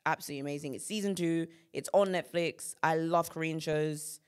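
A young woman with a slightly low voice co-hosts a laid-back podcast chat. She is blunt and slangy, gushing about what she likes. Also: a little fast, clear, resonant tone. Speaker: podcast co-host. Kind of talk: casual chat.

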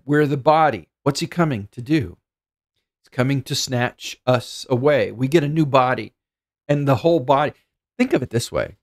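A middle-aged man preaching a sermon as pastor, earnest and thinking aloud, often repeating words as he goes. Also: medium pitch.

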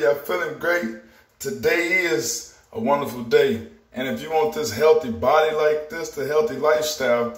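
A vlogger who promotes a healthy lifestyle records an upbeat, preachy motivational video in a roomy, echoing home kitchen. His voice sits high for a man, and he often repeats phrases.

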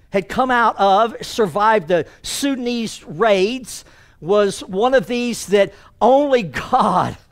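A man preaching a sermon as pastor in a church, swinging from loud emphasis down to hushed near-whispers. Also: sits high.

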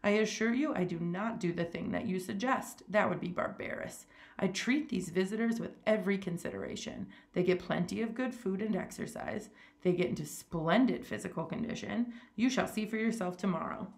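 A woman reading a story aloud, voicing a suave, cruel older male aristocrat with a smooth, amused, condescending manner. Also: medium pitch, lively intonation, moderate pace, roomy sound, close to an everyday voice.

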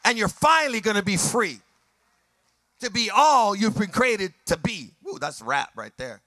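A pastor preaching a sermon with animated delivery, dropping to quiet asides and rising to shouted passages, acting out other people's voices along the way. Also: male voice, high-pitched, a little slow, no echo, studio quality. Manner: acts out voices of people and scenes in his preaching.

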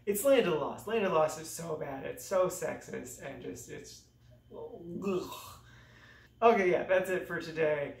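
A man's voice: on the high side, sing-song, moderate pace, vocal fry, few pauses. A young man casually reviewing movies in a self-mocking, exaggerated way, with sudden dramatic swings in his voice. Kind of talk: casual comedic review monologue. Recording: echoey room, voice a bit off-mic.

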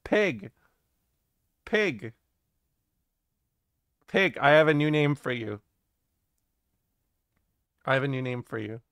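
A man's voice: medium pitch, expressive, slow pace, pauses often, a bit bright, clean tone, no room sound, clean studio sound. A young adult man streaming casually, reading his chat aloud and answering it in a rambling, jokey way, often swearing and laughing.

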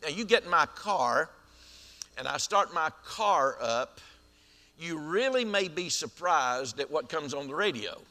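A man preaching a sermon as senior pastor, stretching key lines slowly and dropping to quiet asides. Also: fairly high pitch, lively intonation. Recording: reverberant church sanctuary.

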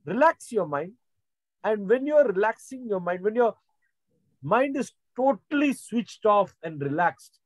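A man's voice: on the high side, no room sound, rough recording. A middle-aged man preaching a sermon, rambling with many fillers and restarts. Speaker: pastor. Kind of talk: sermon teaching.

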